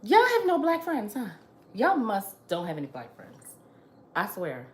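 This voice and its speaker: A woman's voice: mid-range voice, huge pitch swings, unhurried, roomy sound, a little hiss or hum. A woman hosting her own show, giving an emphatic opinion monologue and repeating her points to drive them home. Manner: emphatic, repetitive, lecturing. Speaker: host.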